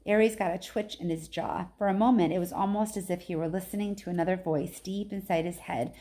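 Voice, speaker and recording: Woman reading a novel aloud, lower voice. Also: fairly even intonation, a little fast, dark tone. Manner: casual, chatty asides.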